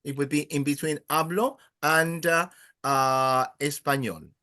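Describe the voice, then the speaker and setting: A man teaching a beginner Spanish class. He is patient and encouraging, and he speaks haltingly with many "uh" fillers. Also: on the high side, steady tone, pushed and bright.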